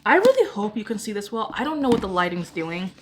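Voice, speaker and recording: A woman's voice: medium pitch, big pitch swings, fast talker, noisy background. A woman book vlogger chatting casually to the camera indoors, rambling and laughing at herself as she talks. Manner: rambling, self-deprecating, giggly. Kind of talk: casual chat.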